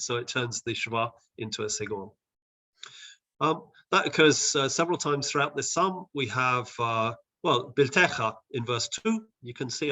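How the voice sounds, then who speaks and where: A man who advises on Bible translation, leading a session on a video call with thoughtful explanations, often pausing and restarting. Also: medium pitch, pushed and bright. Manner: thoughtful, with frequent hesitations and restarts. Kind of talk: explanatory teaching talk.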